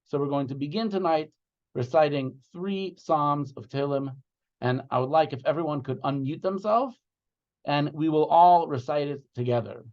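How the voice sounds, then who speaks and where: A rabbi speaking over a video call to a prayer gathering, earnest and heartfelt, leading the group into reciting psalms. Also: male voice, on the high side, moderate pace, a little mellow. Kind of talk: addressing an online gathering, then reciting psalms. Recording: muffled video call audio.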